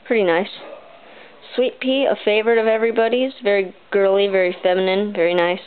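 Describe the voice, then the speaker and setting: A woman's voice: mid-range voice, steady tone, a little fast, clean tone. A young woman reviewing lotions in a chatty, bubbly way with many ums, in her bedroom. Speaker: beauty vlogger. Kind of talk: casual product review. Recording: tinny lo-fi camera audio.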